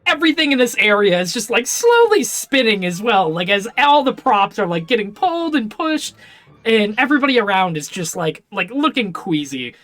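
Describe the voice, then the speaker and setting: A woman's voice: mid-range voice, big pitch swings, moderate pace, a bit bright. A woman narrating as game master of a tabletop game, rambling with lots of fillers. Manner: rambling, many fillers and laughs.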